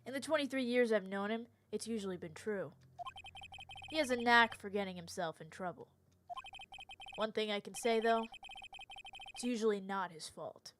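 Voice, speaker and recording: A woman's voice: a little high, background noise, voice pushed down, lightly acted. Woman doing an earnest young rookie lawyer. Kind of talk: reading game narration aloud while streaming.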